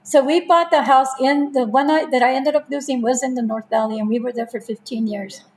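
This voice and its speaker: A woman's voice: sits high, brisk, a little hiss or hum, poor audio. A woman of fifty or more with a New Mexican accent, telling her life story casually as an interview guest, laughing often and acting out past conversations. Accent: New Mexican English. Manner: laughs often, animated retelling with quoted dialogue.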